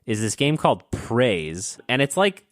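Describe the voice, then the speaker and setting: A man talks casually on a podcast, circling around his point with plenty of filler words and jokes at his own expense. His voice sits at an ordinary middle pitch. The sound is dry and close. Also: big pitch swings, unhurried, no room sound. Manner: rambling, self-deprecating, many "like" fillers. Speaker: podcast co-host. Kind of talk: casual chat.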